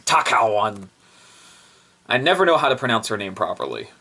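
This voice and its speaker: Bright-voiced, rambling young man reviewer. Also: lowish voice, normal speed, breathy edge. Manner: rambling and excitable, with many fillers and self-corrections. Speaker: product reviewer. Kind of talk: casual unscripted review.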